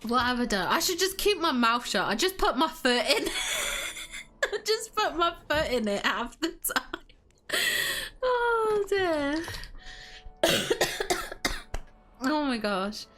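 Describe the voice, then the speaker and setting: Giggly high-voiced woman streamer. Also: big pitch swings, slow, long pauses, pushed and bright. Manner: giggly, laughing to tears, self-deprecating. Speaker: game streamer. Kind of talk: casual livestream chat.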